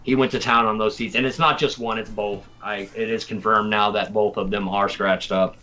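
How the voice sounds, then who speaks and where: A man's voice: lowish voice, little pitch movement, normal speed, bright, forceful tone, muffled recording. A man from Tennessee hosting a casual livestream chat, rambling and laughing as he repeats his words. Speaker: host.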